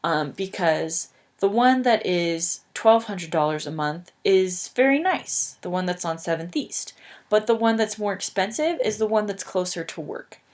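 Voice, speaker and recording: A woman's voice: mid-range voice, expressive, a little slow, a little mellow. A young woman teaching an English lesson, patiently explaining words with plain fillers. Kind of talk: slow English lesson, reading aloud.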